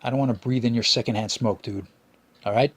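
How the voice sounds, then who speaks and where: A man's voice: mid-range voice, fairly even intonation, fast talker, husky, no room sound. A man hosting a podcast, ranting and complaining in a rambling, profane way, full of restarts. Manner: whiny complaining. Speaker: podcast host. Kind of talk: ranting monologue.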